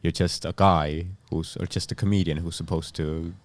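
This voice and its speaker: Very deep-voiced man. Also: steady tone, no room sound. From Estonia. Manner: halting, laid-back, many fillers. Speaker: guest comedian. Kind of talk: casual chat.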